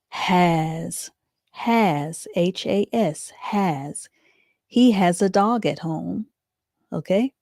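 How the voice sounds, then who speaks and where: A woman's voice: on the low side, warm tone, dry recording, clean studio sound. A woman teaching a live online reading class, spelling words out letter by letter and answering viewers with patient encouragement.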